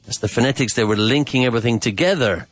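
A man hosts a podcast grammar lesson, repeating phrases, drilling questions and enthusiastically dropping in Spanish asides. He speaks at a quick pace in a medium-pitched voice, and there's no echo.

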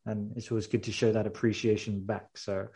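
A man hosting a casual interview, talking in a relaxed way and often pausing with um and yeah. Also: lowish voice, slightly rough. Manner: relaxed, many fillers like um and yeah. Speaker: host.

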